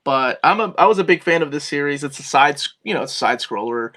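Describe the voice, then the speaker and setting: A man's voice: a little high, fast. A middle-aged man co-hosting a casual chat about games, telling stories animatedly. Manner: animated, acts out yelling at friends. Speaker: podcast co-host.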